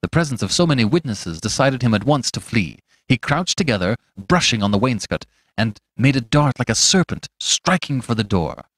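A man who hosts a podcast, narrating a classic story in a scripted, expressive storytelling manner. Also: mid-range voice, moderate pace, few pauses, no room sound, clean studio sound. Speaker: podcast host and audiobook narrator.

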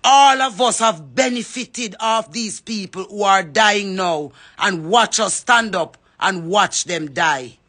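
A woman's voice: medium pitch, lively intonation, slow, few pauses, fairly bright tone. A Jamaican woman giving an impassioned address, fervently calling on others by name to speak up. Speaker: reggae artist.

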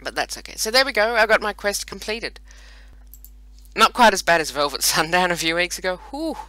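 A woman's voice: lowish voice, sing-song, a little fast, sharp tone, no echo, rough recording. A woman hosting casual gameplay commentary, rambling and chatty with self-mocking asides, recorded on a computer microphone. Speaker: host playing a browser strategy game.

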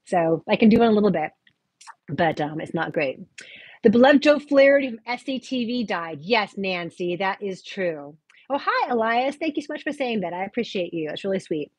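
A woman's voice: medium pitch, lively intonation, moderate pace, darkish tone, husky, dry recording. A woman with a light Texan accent hosting a casual livestream, chatting and answering viewer questions from comments on her phone. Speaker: movie review host. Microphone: phone on a tripod.

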